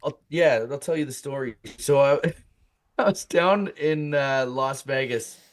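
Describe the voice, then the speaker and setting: Un humoriste parle sur un ton de conversation détendue, en racontant une anecdote drôle. Sa voix est de hauteur moyenne, et il rit souvent entre ses phrases. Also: male voice, mid-range voice, measured pace. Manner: animated, laughs through his story, many fillers. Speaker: comedian guest. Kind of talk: casual comic storytelling.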